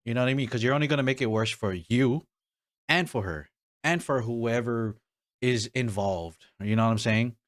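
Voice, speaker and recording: A man's voice: mid-range voice, moderate pace, dry recording, studio quality. A man hosting a podcast in casual chat, talking loosely with many restarts and fillers. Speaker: podcast host.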